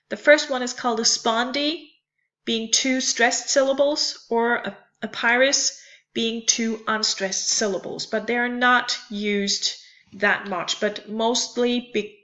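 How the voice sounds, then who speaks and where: Woman, teacher, slow deliberate lecture, crisp bright voice, lo-fi dull recording. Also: on the high side. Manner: careful, repeats and spells out terms.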